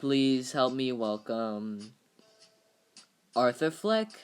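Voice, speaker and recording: A man's voice: mid-range voice, big pitch swings, extremely slow, clear, resonant tone, soft background music. A man voicing a male TV talk show host giving a showman's introduction, in a parody dub of a film script. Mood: introducing.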